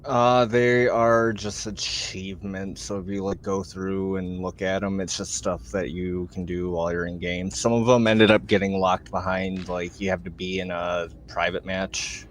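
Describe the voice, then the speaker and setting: A man in a casual voice chat calmly explaining game achievements with lots of ums and likes. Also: deep voice, moderate pace, hardly any pauses, a little hiss or hum. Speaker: guest explaining game features.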